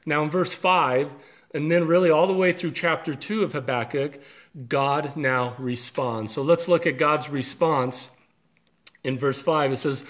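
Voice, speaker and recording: A man's voice: fairly high pitch, fairly even intonation, measured pace, fairly bright tone. A man speaking as a pastor, giving an earnest, conversational devotional talk with small restarts.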